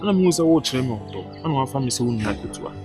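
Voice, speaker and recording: A man's voice: medium pitch, animated, very fast, close to an everyday voice. A man with a Ghanaian accent playing a young man who keeps pleading with his friend over a girl. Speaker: comedy sketch actor. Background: background music.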